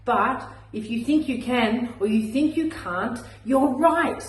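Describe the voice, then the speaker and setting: A woman's voice: on the high side, slow, roomy sound, poor audio. A woman, a mindset coach, giving an earnest, encouraging motivational message.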